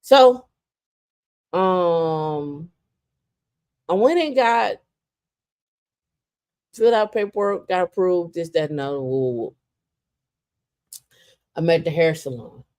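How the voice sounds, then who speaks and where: A woman co-hosting a casual podcast, with a fairly low voice. She tells her stories with animated energy and often restarts her sentences. Her delivery is loose and conversational. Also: slow, pauses often. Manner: animated storyteller, swinging into lively voices for quotes; frequent "like" and repeated restarts. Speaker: podcast co-host.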